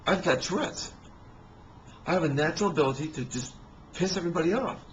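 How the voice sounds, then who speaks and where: A man telling rambling personal stories in a halting way, with many restarts and fillers. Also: fairly high pitch, muffled recording, a little hiss or hum.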